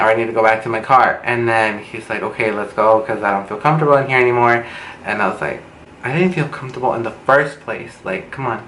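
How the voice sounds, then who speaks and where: A young man telling a storytime vlog, animated and swearing, acting out what people said with big jumps in pitch. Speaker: vlogger. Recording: echoey room with faint background noise.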